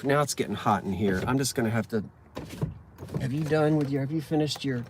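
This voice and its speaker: A man's voice: mid-range voice, expressive, brisk, background noise. Chatty man joking in a car. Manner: chatty, self-mocking, stumbles over words. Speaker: vlogger reading jokes. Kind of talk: casual chat from a parked car. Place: inside a car.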